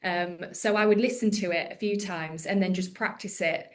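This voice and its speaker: This is a woman comedian in her thirties on a casual podcast. She is chatty and self-mocking, and her voice sits at an ordinary middle pitch. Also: steady tone, moderate pace. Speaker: comedian guest.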